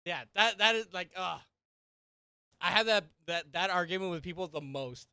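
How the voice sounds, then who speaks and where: A woman co-hosting a casual podcast chat, ranting heatedly and swearing often, with loud exasperated outbursts. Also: on the low side, expressive, moderate pace, clean tone, no room sound, studio quality. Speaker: podcast co-host.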